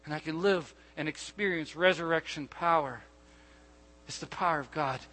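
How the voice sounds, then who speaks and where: A middle-aged man pastor preaching a sermon and telling stories in an animated way, with asides and restarts. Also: a little high, moderate pace. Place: church hall. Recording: long hall reverb.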